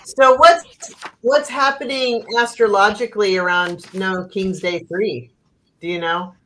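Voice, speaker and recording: A woman's voice: mid-range voice, fairly even intonation, measured pace, fairly bright tone, a little hiss or hum, poor audio. A woman hosting a casual livestream chat over a video call. She laughs often while she tells stories. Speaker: host.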